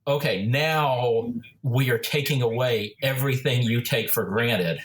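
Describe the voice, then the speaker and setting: A man's voice: medium pitch, a little slow, a bit bright. A man being interviewed as a book's author, rambling through stories with many restarts and fillers. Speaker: author and podcast guest. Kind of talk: casual interview talk.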